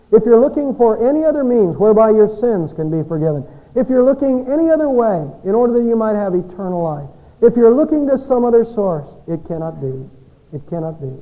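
A man preaching a Christmas sermon, telling a story and swinging between loud peaks and hushed endings. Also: high-pitched, narrow, tinny audio. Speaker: pastor.

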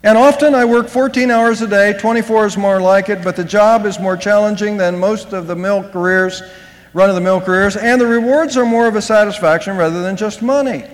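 A man's voice: sits high, brisk, long reverb tail, lightly acted, low-quality recording. A man putting on a proud mother's lofty voice. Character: proud mother giving a grand job title.

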